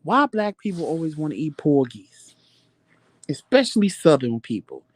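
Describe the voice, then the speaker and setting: A man hosting a casual live chat, answering viewer comments with animated, profane storytelling. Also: fairly high pitch, normal speed, dry recording. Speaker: livestream chat host.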